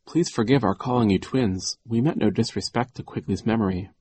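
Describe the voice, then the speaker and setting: Storybook boy, bookish and polite, measured, near the reader's own voice. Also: on the low side, a little mellow, husky, dry recording.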